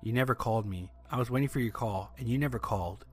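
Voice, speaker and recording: A man's voice: mid-range voice, fast talker, faint music behind, lightly acted. A man reading the lines of a pushy, creepy male landlord, insistent and irritable, in a storytelling narration.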